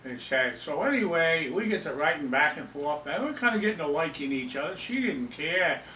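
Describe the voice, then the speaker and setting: An older man with a somewhat high, bright voice tells a story in a rambling, self-mocking way and circles back over his own words. He sits away from the mic, so the sound is distant and echoes around the room. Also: expressive, normal speed, a little hiss or hum. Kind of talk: casual storytelling.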